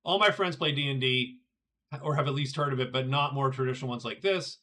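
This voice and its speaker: A man's voice: mid-range voice, a little fast, bright, forceful tone. A middle-aged man streaming a solo board game, chatting casually with viewers as he thinks aloud, often stumbling and repeating words. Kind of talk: casual live-stream chat while playing a board game.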